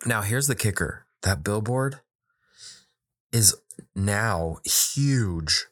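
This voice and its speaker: A man's voice: on the low side, drawn-out words, dry recording, clean studio sound. A man in his thirties, a children's book author, telling a story in casual conversation and acting out the quoted dialogue. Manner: animated, acts out quoted dialogue.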